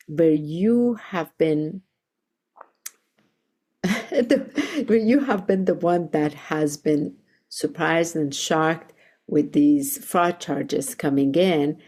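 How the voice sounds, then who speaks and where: A woman reverend hosting a solo podcast episode, telling a personal story in a soft, earnest way and laughing now and then. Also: on the low side. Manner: soft-spoken, earnest, laughs while recounting.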